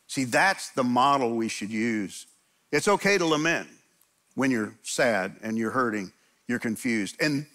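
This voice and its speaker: Male pastor, sermon delivery, gravelly and bright, earnest, repeats himself while acting out prayers. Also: medium pitch. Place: church, men's gathering.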